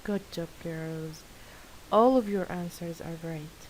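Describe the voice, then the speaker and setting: A woman's voice: lowish voice, poor audio. A woman teaching a grammar lesson to girls, patient and praising as she reads workbook answers. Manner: patient, praising, careful and slow. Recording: faint hiss.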